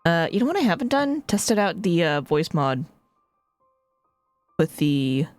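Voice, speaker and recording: A woman's voice: lowish voice, very animated, unhurried, a little mellow, dry recording, soft background music. Chatty, self-mocking woman streamer. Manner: chatty, self-deprecating, swears casually. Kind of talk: casual live-stream chat. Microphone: streaming mic.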